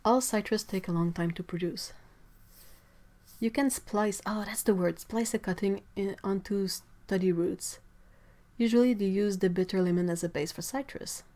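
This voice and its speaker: Stuffy-nosed young woman chatting on her art livestream, mid pitch, giggly, muttering asides. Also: normal speed, warm tone. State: stuffy nose. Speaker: livestream host. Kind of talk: casual livestream chat reading viewer comments. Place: home art studio.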